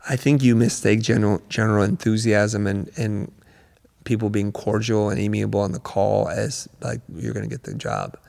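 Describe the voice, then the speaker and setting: A man's voice: on the low side, normal speed, vocal fry, in a large hall. A middle-aged man, a guest coach on a podcast, telling stories animatedly and acting out quotes. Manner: animated storyteller, acts out quotes. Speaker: guest, creative business coach. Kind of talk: podcast interview storytelling.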